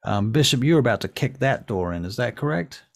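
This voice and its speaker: A man narrating as game master of a tabletop game, casual and halting, with frequent ums and restarts. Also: medium pitch, animated, gravelly.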